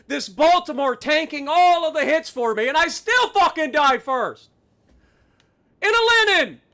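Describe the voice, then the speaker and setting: High, bright, furious game streamer. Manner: angry, profane ranting at teammates; heavy sarcasm. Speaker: livestreamer. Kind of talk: live gameplay commentary.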